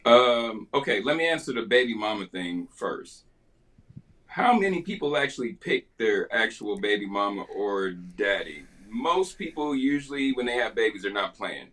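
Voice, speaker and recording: A man's voice: lowish voice, very animated, normal speed, fairly bright tone. A man co-hosting a radio show, arguing his side of a debate in an easygoing way. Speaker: radio co-host. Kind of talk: casual debate.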